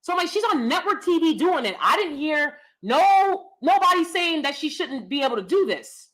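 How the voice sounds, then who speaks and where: A woman in her thirties hosting a casual commentary stream, animated and emphatic, rambling with asides and reacting to chat. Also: sits high, moderate pace, poor audio. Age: 30s. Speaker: commentary channel host.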